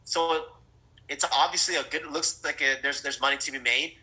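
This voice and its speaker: A middle-aged man telling a story in a sales training talk. He is animated, often restarts and repeats words, and speaks straight to his audience. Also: mid-range voice, moderate pace, poor audio. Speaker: network marketing trainer.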